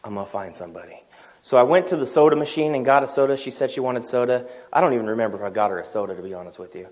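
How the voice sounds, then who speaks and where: A man's voice: medium pitch, fairly even intonation, very fast, a little mellow. Man preaching a storytelling sermon. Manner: storytelling, acting out dialogue, laughing at himself.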